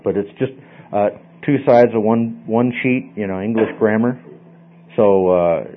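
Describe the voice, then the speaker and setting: A man's voice: medium pitch, a little hiss or hum. A man teaching a Bible study class in a casual, rambling way, often repeating and restarting words. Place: small class room, group in a circle. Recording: dull lo-fi classroom recording.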